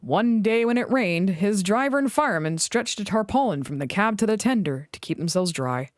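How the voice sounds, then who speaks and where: Expressive female storybook reader, lively melody, dry close sound. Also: medium pitch, normal speed, dry recording. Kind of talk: reading a children's book aloud.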